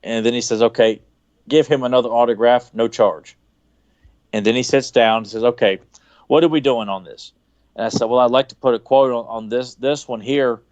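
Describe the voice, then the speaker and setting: A man's voice: mid-range voice, a little fast, no room sound. A man recounts an awkward encounter in loose, casual podcast chat, stumbling and restarting as he goes. His mid-range voice sits close and dry. The sound is a little dull and lo-fi. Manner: rambling, animated anecdote with many restarts. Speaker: podcast co-host.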